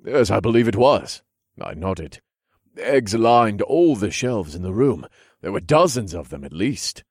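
A male narrator with a husky, very deep voice reads aloud from a fantasy novel written in the first person. He takes his time, telling the story in a calm, level way, and the close, dry recording carries no echo or room sound.

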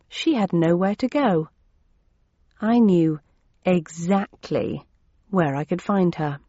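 Low-voiced woman narrating a novel. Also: takes it slowly, warm tone, no room sound. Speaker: audiobook narrator. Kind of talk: first-person novel narration. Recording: dull, dry lo-fi recording.

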